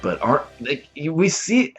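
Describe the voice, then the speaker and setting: A man's voice: fairly high pitch, a little slow, breathy edge, soft background music. A man hosting a reaction channel, recapping an episode in a casual, rambling way with lots of fillers. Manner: animated, rambling retelling with many fillers.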